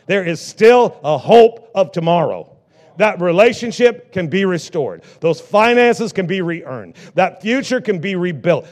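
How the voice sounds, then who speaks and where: A middle-aged male pastor preaching a sermon, swinging between loud bursts and hushed lines. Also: sits high, expressive, unhurried.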